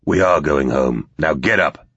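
A man's voice: extremely low pitch, a little slow, a bit bright, husky, no echo, full character voice. A man doing a grim, commanding man under pressure. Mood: urgent. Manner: firm, urgent, commanding. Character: grim, determined man giving urgent orders. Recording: dull, slightly lo-fi recording.

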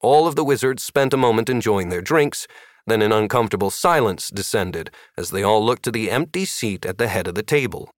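A man narrating an audiobook in a lively, expressive reading. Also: on the low side, brisk, dry recording, studio quality.

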